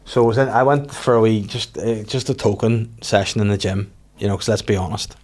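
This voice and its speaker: A man with a Northern Irish accent, a stand-up comedian telling profane, animated stories in casual podcast chat. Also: fairly low pitch. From Northern Ireland. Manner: rapid, profane, animated anecdotes.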